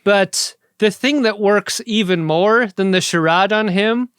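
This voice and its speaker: A man chats as a podcast co-host, his voice sitting a touch high. He talks in an animated, jokey way and drops into quick impressions. The sound is dry and close, with no room around it. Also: smooth, no room sound. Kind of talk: casual chat.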